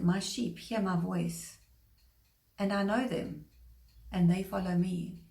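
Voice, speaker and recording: A woman giving a short devotional sermon, earnest and measured, slowing down to stress scripture. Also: medium pitch, creaky, a little mellow. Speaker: preacher. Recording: echoey room.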